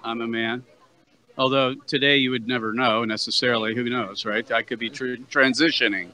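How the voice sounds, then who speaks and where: A man's voice: medium pitch, fairly even intonation, normal speed, bright, forceful tone, low-quality recording. A man interviewing passersby on a university plaza as a street activist, asking persistent, probing questions and stumbling over repeated words.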